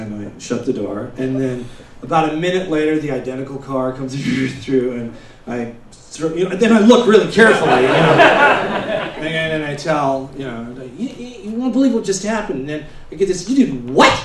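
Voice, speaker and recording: Rambling stand-up comic in a roomy hall. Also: male voice, fairly high pitch. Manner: rambling, conversational storytelling with shouted impressions. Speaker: stand-up comedian. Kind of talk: stand-up comedy set. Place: comedy stage before a laughing audience. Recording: roomy live venue, mic heard from a distance.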